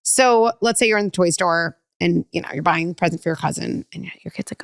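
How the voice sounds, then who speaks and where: A woman speaking as a parenting expert in a podcast conversation, talking quickly and acting out children and parents with lively shifts in her voice. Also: fairly low pitch, gravelly, no echo, clean studio sound. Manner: fast, animated, acts out kids and parents with voice shifts.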